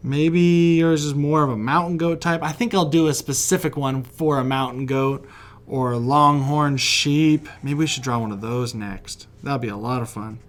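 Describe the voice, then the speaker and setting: A friendly man from West Virginia chats his way through a kids' drawing lesson, sketching and laughing often as he encourages them. His medium-pitched voice keeps a steady tone at normal speed.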